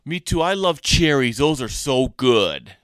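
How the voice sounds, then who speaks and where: Man, show host, goofy banter, smooth clear voice, dry close sound. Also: mid-range voice, expressive, a little slow, fairly bright tone, no room sound. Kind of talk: playful homemade radio chat.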